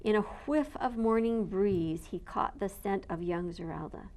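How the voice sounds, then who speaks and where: A woman reading a picture book aloud to listeners with an expressive, animated delivery. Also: mid-range voice, normal speed. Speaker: storyteller.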